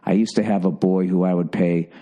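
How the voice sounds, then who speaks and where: Man doing a hushed creepy old British guy. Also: steady tone. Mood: insistent. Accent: put-on clumsy British accent. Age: over 60 (figure). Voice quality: hushed, low and halting. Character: creepy drunk old man, about seventy, propositioning.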